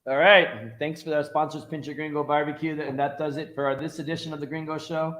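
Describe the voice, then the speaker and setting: A man's voice: a little high, fairly even intonation, brisk, fairly bright tone, roomy sound, rough recording. A man hosting a casual talk show, upbeat, chatting while eating. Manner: upbeat, talks with his mouth full while eating. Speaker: show host.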